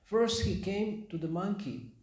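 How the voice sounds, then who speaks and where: A man giving a scripture class in a temple, unhurried, pausing to search for words as he tells stories. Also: high voice, sing-song, a little mellow. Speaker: spiritual teacher. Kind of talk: scripture class talk with storytelling. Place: temple hall. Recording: echoey temple hall.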